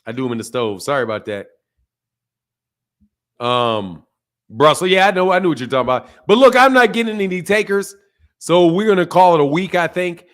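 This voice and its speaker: A man's voice: fairly high pitch, a little fast, long pauses, a bit bright. A man hosting a boxing channel who chats loosely and jokes with his viewers, using plenty of slang and laughing often. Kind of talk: casual livestream chat.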